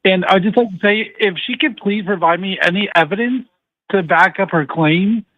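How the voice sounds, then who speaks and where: Male radio caller from Ecuador, earnest and repetitive, high-pitched, over a tinny phone line. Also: moderate pace, dry recording. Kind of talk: call-in radio talk.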